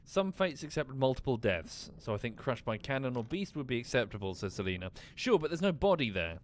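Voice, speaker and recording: A man's voice: medium pitch, sing-song, a little fast. A man streaming a mystery game, casually thinking aloud, muttering and swearing now and then. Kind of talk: casual gameplay commentary.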